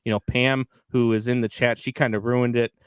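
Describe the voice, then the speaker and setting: A man's voice: medium pitch, fairly quick, clean tone, dry recording. Co-host, male, chatty storyteller, dry close sound. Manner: animated storyteller, many fillers. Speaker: podcast co-host. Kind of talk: casual live sports chat.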